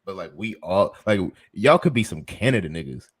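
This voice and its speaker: A young man with a fairly low voice talks casually on a podcast. His manner is laid-back and rambling, and he laughs easily between thoughts. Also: expressive, moderate pace, slightly rough, no room sound. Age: young adult. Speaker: podcast co-host.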